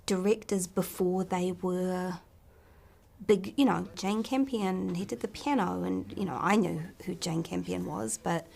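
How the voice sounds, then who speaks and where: A woman with a New Zealand accent, an actress chatting in an interview, softly and often dropping to a near-whisper. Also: fairly low pitch, measured pace, vocal fry. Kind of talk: casual interview chat.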